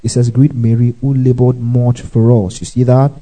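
A man's voice: medium pitch, little pitch movement, normal speed, mellow, poor audio. A male pastor giving a Bible teaching sermon, spelling out words letter by letter and checking in with listeners with frequent "okay" and "praise the Lord".

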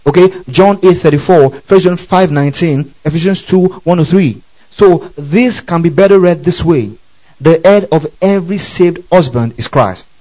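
A man's voice: on the high side, moderate pace, warm tone, lo-fi sound. A man preaching a Bible-teaching sermon, often asking the congregation whether they follow. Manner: keeps checking the audience follows, repeating questions.

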